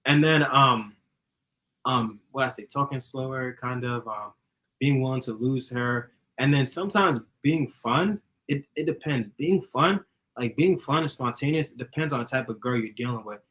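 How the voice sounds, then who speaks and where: A young man chatting casually, giving dating advice, who talks fast and giggles and laughs often. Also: medium pitch, fairly bright tone, poor audio. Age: young adult. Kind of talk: casual chat.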